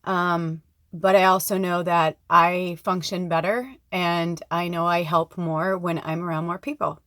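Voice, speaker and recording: A woman with a fairly low voice speaks to her viewers in a rambling, heartfelt vlog. She drifts between laughter and near tears. The sound is close and dry, with no room echo. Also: little pitch movement, unhurried, a bit bright. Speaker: spiritual vlogger. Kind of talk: emotional personal vlog.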